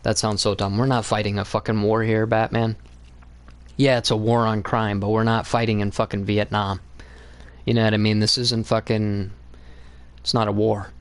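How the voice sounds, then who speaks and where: A man's voice: fairly low pitch, little pitch movement, moderate pace, smooth, dry recording. Blunt, profane young man ranting about comics. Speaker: comics channel host. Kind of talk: casual opinionated monologue.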